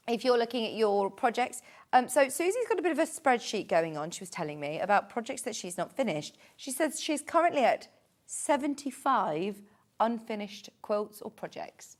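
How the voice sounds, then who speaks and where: Woman, shopping-channel presenter, chatty, fairly high voice, very lively intonation. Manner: chatty, bubbly, laughs often. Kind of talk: live TV sales presentation.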